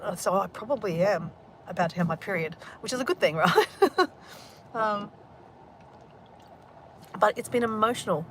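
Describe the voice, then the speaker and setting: A woman's voice: medium pitch, a bit bright, a little hiss or hum. Woman vlogger, mid-range voice, open and emotional, casual swearing, talking from a car. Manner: candid, emotional, swears freely. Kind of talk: casual talk to camera.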